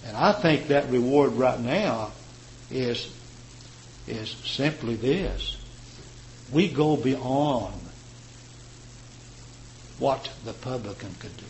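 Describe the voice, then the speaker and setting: A man preaching a sermon, rising to loud, high emphasis and dropping to quiet, slow phrases. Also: slight background noise, rough recording. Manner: impassioned, swelling and dropping in pitch and volume; slows and stretches key words for emphasis.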